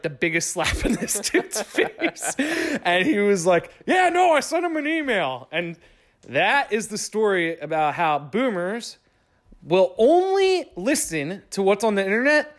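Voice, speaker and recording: A young man telling a long story in casual speech, excitable and swearing, with lots of "like". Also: sits high. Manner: swearing, excitable, heavy use of "like".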